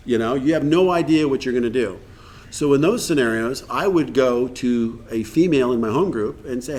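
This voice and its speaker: A man's voice: mid-range voice, moderate pace, darkish tone, a little hiss or hum. A man leading a recovery workshop in a meeting room, talking earnestly and acting out bits of dialogue. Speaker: workshop speaker.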